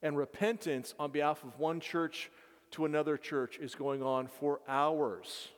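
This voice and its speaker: A man who leads mission work, telling his story to a congregation earnestly, with halting restarts. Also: fairly high pitch. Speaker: mission leader. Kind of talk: testimony to a congregation. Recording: reverberant hall.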